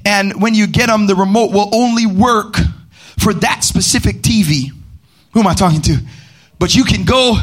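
A man pastor preaching a sermon at a church service, calling out to the congregation and rising into sung, shouted cadences. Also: sits high, normal speed.

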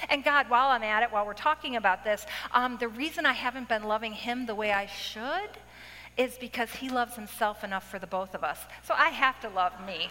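A woman giving a testimony talk to a women's audience, dramatic and laughing often, acting out her past self in sudden high outbursts. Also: fairly quick, bright, forceful tone. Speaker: speaker addressing a women's audience. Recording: echoey hall with faint noise.

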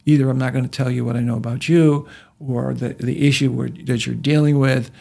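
A man hosting a relaxed discussion, wandering through his stories with frequent restarts. His voice is gravelly and husky, sitting at an ordinary middle pitch. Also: a little fast. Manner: rambling, many restarts, tells jokes and anecdotes. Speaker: podcast host. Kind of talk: casual discussion.

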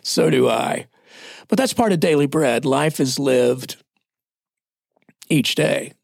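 A male pastor in his forties shares stories in a casual church podcast, plainspoken and self-deprecating. His voice is gravelly with a husky grain. The sound is dry and close. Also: mid-range voice, slow pace, dry recording.

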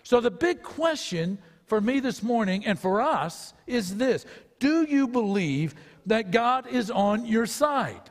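A man delivers a sermon from the pulpit in a fairly high, clear voice. He speaks earnestly and presses his listeners with rhetorical questions. The sound hangs in a reverberant sanctuary. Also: big pitch swings, slow, few pauses. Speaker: pastor.

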